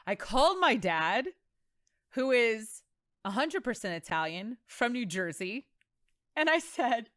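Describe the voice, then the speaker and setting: A woman from Texas hosts a podcast in a bright, higher-pitched voice, telling casual stories with big dramatic flair. She laughs easily and throws herself into every tale. The sound is close and dry, with no room echo. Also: takes it slowly. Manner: animated and self-admittedly dramatic, laughs often. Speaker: podcast host. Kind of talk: casual storytelling chat.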